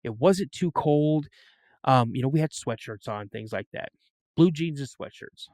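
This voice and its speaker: A man as a podcast guest, telling a story in a casual, animated way and acting out the voices of the people he quotes. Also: medium pitch, unhurried, no room sound.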